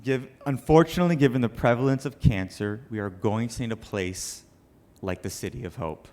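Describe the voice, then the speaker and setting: A man's voice: medium pitch, a little fast, dark tone. A young man, a cancer survivor, giving an earnest and emotional speech to an audience at a charity event. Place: banquet room with an audience.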